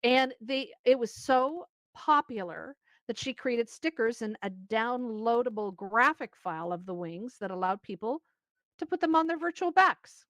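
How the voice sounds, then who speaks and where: A woman's voice: fairly high pitch, lively intonation, moderate pace, a bit bright, no echo. Brief: upbeat woman co-host, scripted news read, dry close sound. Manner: upbeat, playful asides.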